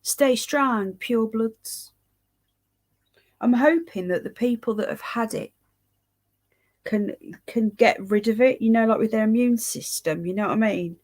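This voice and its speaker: A woman on a relaxed home livestream, tired and yawning as she chats. Her voice sits a little high, loose and rambling, with a casual swear here and there. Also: a little slow, long pauses. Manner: chatty, rambling, swears casually, greets viewers by name. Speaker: livestream host reading live chat.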